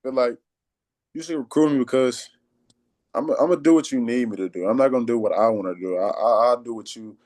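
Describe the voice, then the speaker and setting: A man's voice: medium pitch, fairly quick, a little mellow, no room sound. A young man, giving plain-spoken interview answers and repeating himself. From Texas. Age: late teens. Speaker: high school basketball player.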